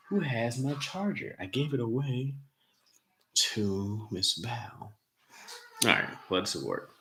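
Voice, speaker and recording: A man hosting a casual livestream, greeting viewers by name and chatting loosely. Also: lowish voice. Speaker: livestream host. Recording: echoey room with faint noise.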